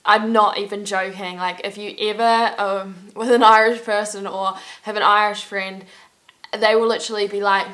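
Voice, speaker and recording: A young woman talks straight to camera in a casual travel vlog. Her voice is bright and forceful. She rambles cheerfully and leans on "like" in nearly every sentence. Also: medium pitch, level tone, normal speed. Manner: chatty, peppered with "like"; upbeat, laughs at her own stories. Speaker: travel vlogger.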